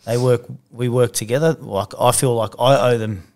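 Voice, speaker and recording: A man's voice: medium pitch, steady tone, normal speed, a little mellow. A man who owns a gym, co-hosting a podcast and speaking earnestly and reflectively in a casual, laugh-prone way. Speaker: gym owner and podcast co-host. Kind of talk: casual chat.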